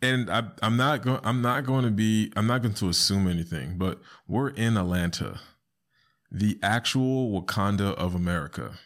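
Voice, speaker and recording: A man hosting a podcast alone, talking casually and animatedly, often jumping into high squeaky voices to quote people. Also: expressive, moderate pace, fairly bright tone. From South Florida. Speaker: podcast host. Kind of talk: casual solo podcast commentary.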